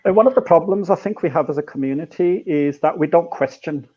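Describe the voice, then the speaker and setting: British male guest, lively explainer, slightly high pitch, muffled call line. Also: a little fast. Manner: animated storyteller, mixes in Punjabi phrases, says "right?" and "you know" often. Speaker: guest musician and academic. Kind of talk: casual explanatory chat.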